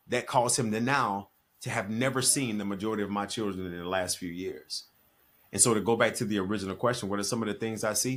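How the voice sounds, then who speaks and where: A man's voice: lowish voice, fairly bright tone. A man in his forties, a podcast guest, talking earnestly and telling a personal story, acting out the dialogue. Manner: earnest, emphatic, acts out quoted dialogue. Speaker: podcast guest, speaker and author. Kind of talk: reflective storytelling in conversation.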